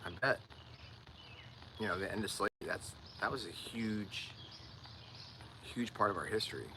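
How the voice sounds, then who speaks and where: A man's voice: fairly low pitch, normal speed, noisy background. A man with a Philadelphia accent talking casually to viewers on a live stream, often repeating words as he searches for them. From Delaware County, Pennsylvania. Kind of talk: casual livestream chat.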